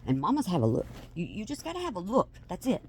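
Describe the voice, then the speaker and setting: Animated rambling woman vlogger. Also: lowish voice, fast, a little hiss or hum. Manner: animated, chatty, trails off and restarts. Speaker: vlogger and mother. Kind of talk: rambling casual chat to camera.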